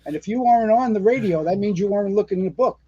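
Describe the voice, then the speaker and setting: A man's voice: high voice, fast talker, breathy edge, highs cut off. A man, a retired fire captain telling stories in a casual interview, rambling with lots of fillers and restarts. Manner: animated storyteller, rambling with many fillers and restarts.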